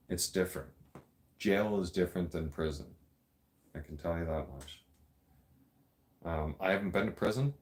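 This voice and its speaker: A man with a very low voice tells stories in loose, casual chat. He talks bluntly, swears freely and laughs as he goes, like a podcast host riffing with no script. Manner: blunt, profanity-heavy, laughs often. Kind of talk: casual storytelling.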